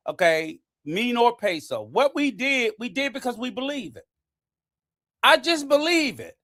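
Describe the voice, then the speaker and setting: A man's voice: extremely high pitch, fairly bright tone. A man hosting a casual livestream panel, earnest and reflective as he explains his view at length. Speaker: show host.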